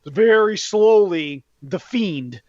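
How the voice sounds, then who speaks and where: A man hosting a podcast, ranting in a casual, profane way about a wrestling event, jumping between loud outbursts and low muttering. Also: lively intonation, slow, no room sound. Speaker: podcast host. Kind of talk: casual wrestling recap rant. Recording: dull lo-fi podcast mic.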